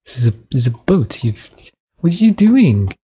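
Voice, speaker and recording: A man's voice: mid-range voice, very animated, moderate pace, mellow, husky. A man voicing a personified video platform that nags sarcastically. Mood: nagging. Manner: nagging, sarcastic.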